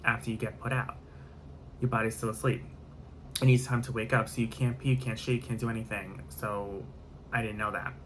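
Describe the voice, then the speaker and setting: A man's voice: lowish voice, little pitch movement, fairly quick, slight background noise. A man telling a candid, rambling story in a casual vlog, sparing no graphic details.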